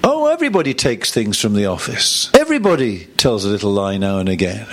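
A man preaching a sermon to a congregation in an animated, emphatic manner, often restarting his phrases. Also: fairly low pitch, brisk, few pauses. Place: church room with audience.

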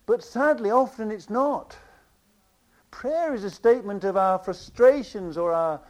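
A man preaching a sermon with passion, repeating phrases and swinging between loud declarations and quiet asides. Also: sits high.

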